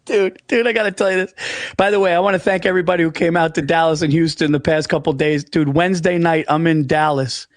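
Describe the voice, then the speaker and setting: A man's voice: on the high side, fairly even intonation, quick pace, dry recording. A man co-hosting a podcast in casual sports chat, blunt and profane, laughing at his own jokes. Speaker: podcast co-host.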